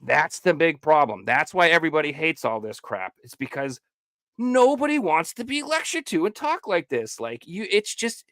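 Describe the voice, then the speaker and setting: A man's voice: on the high side, very animated, normal speed, fairly bright tone, dry recording. A man hosting a podcast, ranting heatedly and profanely in casual talk, now and then mocking people in made-up quotes. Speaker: podcast host.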